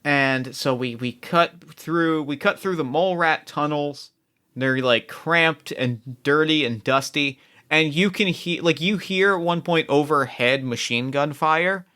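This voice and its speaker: Male game master, bright voice, loose rambling tabletop narration full of fillers. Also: on the high side, a little slow. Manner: rambling, many likes and restarts.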